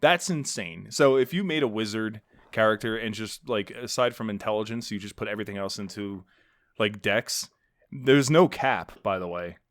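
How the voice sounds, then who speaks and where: A man's voice: fairly low pitch, moderate pace, a bit bright, no room sound, studio quality. A man co-hosting a podcast, chatting playfully in character with a rambling, restarting delivery. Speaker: podcast co-host. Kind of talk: in-character casual chat.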